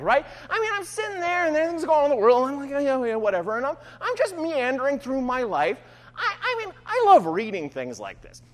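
Male pastor, casual sermon delivery, high, bouncy pitch, reverberant sanctuary. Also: fairly bright tone. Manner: conversational, self-deprecating, keeps asking "right?". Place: church sanctuary.

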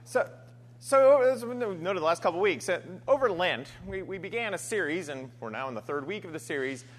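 Male pastor, sermon, chatty and animated, higher voice. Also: a little fast, slight background noise. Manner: conversational, frequent "right?" asides and restarts.

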